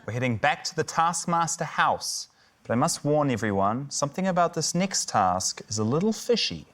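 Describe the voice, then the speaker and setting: A man's voice: on the high side, very animated, normal speed, noisy background. A man with a New Zealand accent, co-hosting a TV game show and introducing segments with playful puns. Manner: playful, punning announcer. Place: TV studio.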